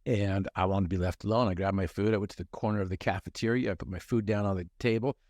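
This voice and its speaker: A man's voice: low-pitched, steady tone, fast talker, darkish tone, dry recording, clean studio sound. A middle-aged man telling his personal story in a conversation, earnest and emphatic, repeating phrases for effect.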